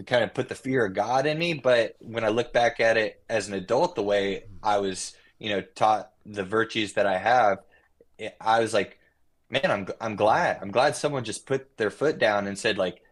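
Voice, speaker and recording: A man's voice: on the low side, normal speed. A man, a guest musician, talking casually and reflectively, trailing off and restarting his sentences often. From Nashville. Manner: reflective, rambling with many restarts. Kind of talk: casual podcast conversation.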